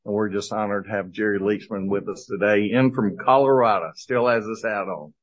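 A man's voice: on the low side, steady tone, a little fast, dull audio. A man hosting a church men's gathering, introducing the guest speaker with admiring words. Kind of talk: formal introduction.

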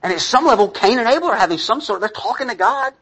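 A man's voice: sits high, lively intonation, fast, fairly bright tone, husky, low-quality recording. A middle-aged man, a pastor, preaching a sermon in a conversational, self-deprecating way, with asides to the congregation.

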